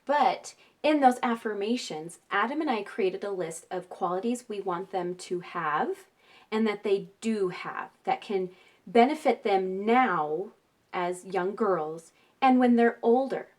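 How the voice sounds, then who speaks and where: A woman's voice: medium pitch, lively intonation, a little slow, darkish tone. A woman, a mother, talking casually to viewers with parenting advice, often checking in with "right?" and laughing. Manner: chatty, with frequent tag questions and laughter.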